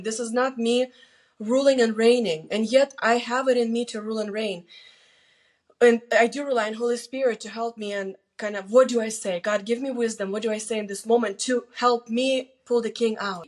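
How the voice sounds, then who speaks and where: A middle-aged woman giving earnest, faith-filled marriage advice in a candid conversation, often acting out quoted lines. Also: a little high. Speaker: guest sharing marriage advice. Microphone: video interview mic.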